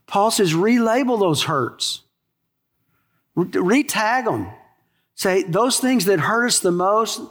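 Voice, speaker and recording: A man's voice: sits high, a bit bright, long reverb tail. A man preaching a sermon as a pastor, earnest and emphatic, repeating key phrases for weight.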